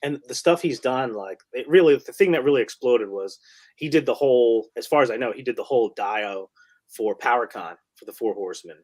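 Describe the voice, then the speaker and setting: A man's voice: mid-range voice, brisk. A man co-hosting a casual toy chat show, laid-back and chatty. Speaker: co-host.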